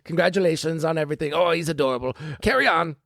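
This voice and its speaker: A man putting on a high falsetto midwife. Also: fast talker, a bit bright, dry recording, clean studio sound. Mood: chatty. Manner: high, breathy falsetto, giggly. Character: portly female midwife, a disguised man. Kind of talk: tabletop role-play.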